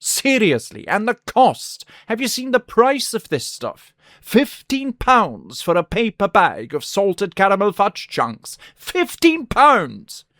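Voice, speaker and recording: A man's voice: high-pitched, big pitch swings, measured pace, fairly bright tone, no room sound, clean studio sound. A man hosting a radio show, delivering a sardonic, exasperated comic rant. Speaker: radio host.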